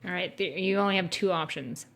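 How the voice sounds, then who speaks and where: A woman's voice: lowish voice, fairly quick, gravelly, a bit bright, slight background noise. Sarcastic woman streamer reacting. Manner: sarcastic, swearing, mocking impressions. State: dry throat. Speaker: streamer reacting to a podcast clip. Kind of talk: casual reaction commentary.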